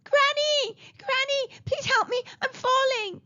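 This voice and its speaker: A woman voicing a mischievous, excitable little boy in a high, pleading storybook voice. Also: takes it slowly, full character voice. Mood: panicked. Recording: slightly dull lo-fi recording.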